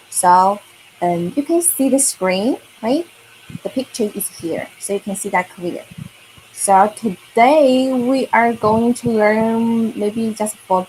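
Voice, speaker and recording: A woman runs a beginner language lesson for kids at a slow, unhurried pace, repeating each new word so the children can say it back. Her voice sits at an ordinary middle pitch. A faint hiss of background noise runs under her computer microphone. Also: darkish tone. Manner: slow, patient, repeats words for learners to echo. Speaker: Chinese teacher. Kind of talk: online kids' language lesson.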